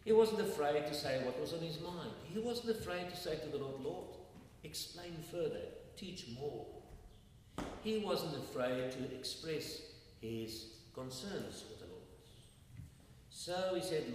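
A man's voice: a little high, expressive, unhurried, a little mellow, distant mic, slight background noise. A man preaching a sermon in a church hall, emphatic and putting rhetorical questions to the congregation. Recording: roomy hall reverb, mic from afar.

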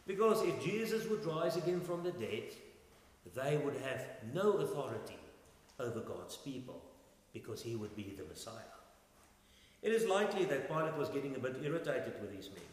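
Male preacher, mid-pitched, dramatic sermon delivery, long church reverb. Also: sing-song, normal speed. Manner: dramatic swings in loudness, rhetorical questions. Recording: echoey hall with long reverb.

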